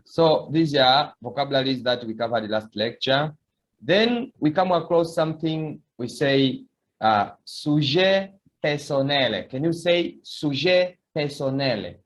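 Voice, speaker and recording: A man's voice: mid-range voice, lively intonation, unhurried. A man teaching a beginner language lesson, patiently repeating words for students to echo. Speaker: French teacher.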